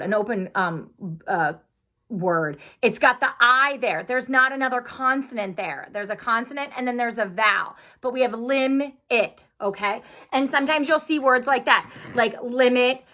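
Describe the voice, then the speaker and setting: A woman teacher giving a phonics lesson, patient and encouraging, speaking slowly and clearly. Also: a little high, expressive, bright, forceful tone.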